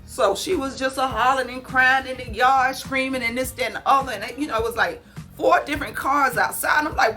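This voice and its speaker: Woman vlogger, chatty folksy storyteller, bright voice, pitched a touch high, faint music behind. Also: brisk. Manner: animated, folksy, calls listeners honey and baby. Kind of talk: casual storytelling.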